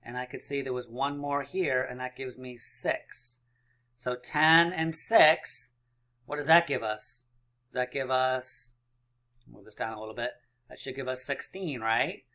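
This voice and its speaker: A man teaching small children to count, upbeat and playful, with little sound effects between rounds. His voice is bright and forward, and his pitch sits in an ordinary middle range. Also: unhurried. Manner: encouraging, playful, counts aloud. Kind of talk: math lesson for young children.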